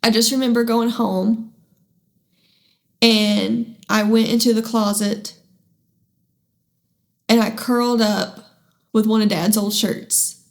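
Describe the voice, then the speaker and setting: A woman hosting a podcast, sharing her personal faith testimony at home in a candid, halting way, with many restarts and self-deprecating asides. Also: on the high side, fairly even intonation, gravelly. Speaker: podcast host.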